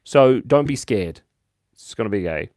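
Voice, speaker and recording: A young Australian cartoonist hosts a casual drawing livestream, chatty and jokey, reading the chat aloud and laughing often. His voice is on the low side, expressive, unhurried and a little mellow, with clean studio sound and no echo.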